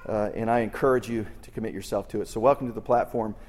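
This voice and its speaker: Man, church host, dark mellow voice, earnest, emphatic, long hall reverb. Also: fairly low pitch, steady tone, fast. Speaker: host introducing a pastor. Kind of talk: live church introduction.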